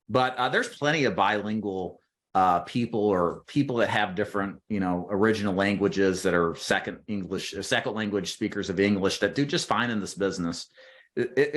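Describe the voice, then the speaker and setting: A man's voice: lowish voice, fairly bright tone. A man who trains insurance agents, talking through sales advice in a loose, conversational way and often checking in with "right?". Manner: conversational, frequent "right?" and "you know" tags. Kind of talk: casual advice monologue.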